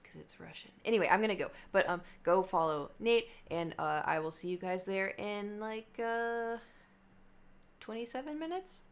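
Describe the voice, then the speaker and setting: Speaking at a normal speed in a medium-pitched voice, a young woman on a livestream rambles casually between subjects as she talks with the people watching.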